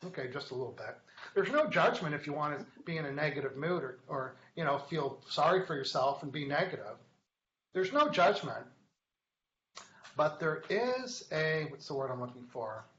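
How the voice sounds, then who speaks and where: A man's voice: on the high side, lively intonation, normal speed, fairly bright tone. Playful man hosting a live show. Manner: playful, joking, reads viewer comments aloud. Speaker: host of a weekly live online show. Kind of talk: casual live-stream chat and teaching. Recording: echoey, dull lo-fi webcast sound.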